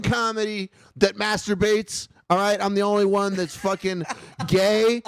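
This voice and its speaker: A man hosting a comedy call-in show, swearing and laughing as he rants in high bursts. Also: flat delivery, a little slow, fairly bright tone, clean tone, dry recording. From Mexico. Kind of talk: loose, profane comedy banter.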